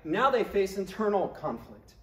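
A man's voice: high voice, very animated, moderate pace. A male pastor preaching a sermon, emphatic and acting out scripture quotes in different voices. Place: church sanctuary. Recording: echoey church room.

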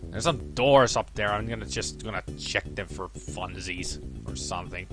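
A man doing a let's play commentary, grumbling and mumbling to himself and bursting into shouted curses. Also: medium pitch, expressive, moderate pace, creaky, faint music behind. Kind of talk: frustrated gameplay commentary.

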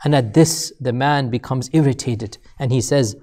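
A man's voice: medium pitch, normal speed, hardly any pauses, dark tone. A man giving a sermon-style lecture, telling a story with building emphatic repetition and asking listeners rhetorical questions. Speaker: Islamic lecturer.

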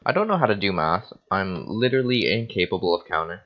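Young man, tipsy on wine, rambling and cursing, lowish voice that swings widely, muffled lo-fi sound. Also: very animated, a little fast. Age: young adult. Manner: rambling, self-mocking, swearing. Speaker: host. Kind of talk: casual Minecraft let's-play chatter. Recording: dull lo-fi recording.

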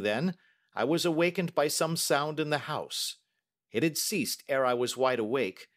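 Man reading a story aloud, measured. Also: mid-range voice. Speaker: story reader. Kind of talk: scripted narration for English learners.

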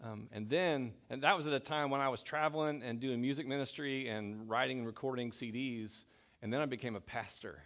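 Preaching a sermon in a church sanctuary, a middle-aged pastor speaks a little fast in a mid-range, slightly bright voice. His style is conversational and self-deprecating, with sentences he often begins again.

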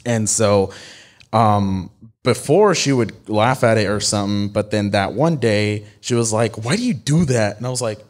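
A young man co-hosting a podcast, telling a personal story in casual chat, slangy and animated, swearing and laughing as he goes. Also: lowish voice, unhurried. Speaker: podcast co-host.

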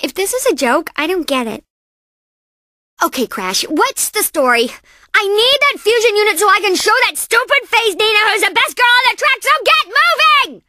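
A woman voicing a young bandicoot girl in a cartoon video game, an eager, bratty little mechanic with a high, excitable voice. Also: moderate pace, no echo, exaggerated voice. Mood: impatient.

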